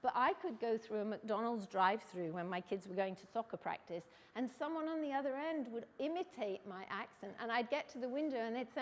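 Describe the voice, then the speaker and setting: A middle-aged English woman from England telling a personal story on stage in a reflective, wry, measured way. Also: a little high, big-room sound. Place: stage event.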